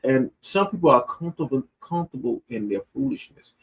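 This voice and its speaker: A man's voice: mid-range voice, lively intonation, a little fast, crowd noise, low-quality recording. A man co-hosting a casual chat, teasing and lecturing his wife. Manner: teasing, preachy. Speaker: co-host.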